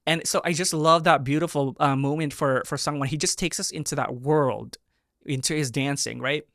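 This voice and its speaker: A man in his thirties hosting a reaction video, giving casual and animated commentary with excited exclamations. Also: a little high, moderate pace, gravelly. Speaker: reaction video host, performer.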